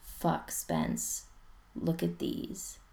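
Woman reading a gruff teen boy, blunt and irritable, low gravelly voice, audiobook. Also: takes it slowly, a little mellow. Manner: blunt, swearing.

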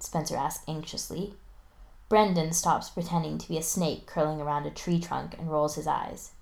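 A woman narrating a novel aloud, lively, raising her voice for the teenage characters. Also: moderate pace, gravelly. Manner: lively, voices teen boys with raised pitch. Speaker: audiobook narrator.

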